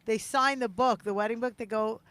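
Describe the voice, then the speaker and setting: Woman host, bit high, bright voice, dry close mic. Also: steady tone, fairly quick, dry recording. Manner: chatty, jumps in with her own anecdotes. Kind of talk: casual chat.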